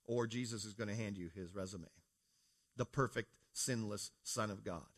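A Canadian preacher with a lowish voice gives a creation apologetics talk to his congregation at a moderate pace. He keeps it conversational, putting questions to the audience and calling them "folks".

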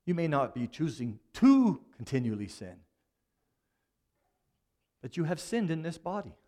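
A male pastor delivering a sermon with a lively, swooping delivery. His voice sits a bit high for a man. He often sinks to near-quiet for emphasis before lifting again. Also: measured pace. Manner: animated preaching with sudden quiet drops.

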